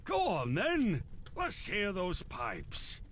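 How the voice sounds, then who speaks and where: A man's voice: high voice, wildly swooping pitch, extremely slow, a bit bright, soft background music, full character voice. An actor playing a melancholy drinking companion in a game who turns merry and coaxing over ale, drawing out his words. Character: melancholy drinking companion, jovial when drunk.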